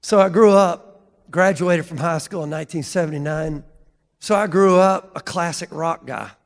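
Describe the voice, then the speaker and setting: Gravelly folksy man in his 50s. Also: a little high, moderate pace. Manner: folksy, emotional, laughs while telling. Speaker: convention speaker. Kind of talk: personal storytelling speech. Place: large convention hall. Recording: long hall reverb.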